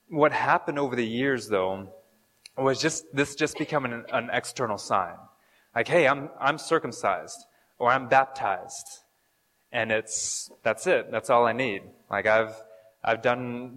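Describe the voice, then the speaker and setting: A man's voice: medium pitch, fairly bright tone. A man giving a casual, conversational sermon, joking and stumbling over fillers and restarts as he explains scripture. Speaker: pastor. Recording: long hall reverb.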